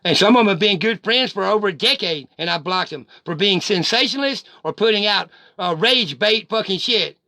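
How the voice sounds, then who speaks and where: Middle-aged man, high bright voice, close and dry, cursing through a heated rant. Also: lively intonation, brisk, hardly any pauses, dry recording. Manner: profane, heated and confrontational. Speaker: vlogger. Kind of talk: angry direct-to-camera rant.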